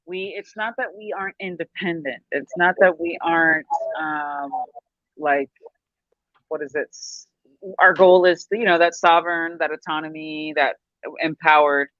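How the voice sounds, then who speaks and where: A woman hosting a casual spiritual chat over a video call, talking in halting, meandering phrases and laughing often. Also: low voice, steady tone, dry recording, highs cut off. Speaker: host.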